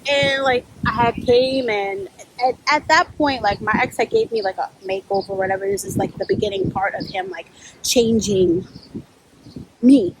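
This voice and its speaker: A young adult woman from New York, a spiritual life coach, tells a candid personal story in a blunt, profane, animated way, acting out the voices she quotes. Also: on the high side, moderate pace, a little hiss or hum, rough recording.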